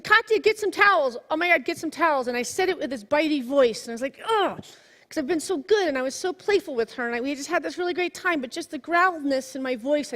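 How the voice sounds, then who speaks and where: A woman in her forties giving a sermon, telling a personal story in a lively way that swings from hushed to exclaiming. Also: high voice. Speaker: minister. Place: church sanctuary. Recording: long hall reverb.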